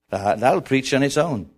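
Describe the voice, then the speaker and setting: A middle-aged man preaching a sermon, telling stories with animated repetition. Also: mid-range voice. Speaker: pastor.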